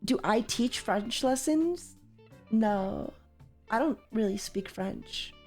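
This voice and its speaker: A young woman from Canada chatting casually as a streamer while playing a card game, with sudden loud, high exclamations. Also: expressive, takes it slowly, faint music behind.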